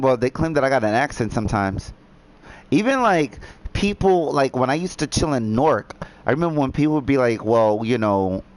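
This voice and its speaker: A man from New Jersey chatting casually while gaming, talking in halting starts with many fillers and restarts. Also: mid-range voice. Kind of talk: casual chat.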